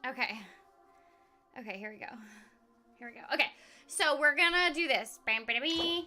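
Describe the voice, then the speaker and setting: A woman's voice: high-pitched, expressive, moderate pace, bright, forceful tone, faint music behind. A woman live-streaming a game, chatting casually with her viewers in a bubbly, giggly way and scatting little filler sounds. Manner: giggly, rambling with restarts.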